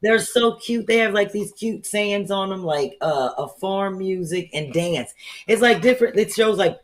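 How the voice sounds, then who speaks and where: A woman's voice: mid-range voice, expressive, measured pace. A woman hosting a comedy talk show in casual chat, telling stories animatedly with casual slang and frequent laughter over a video call.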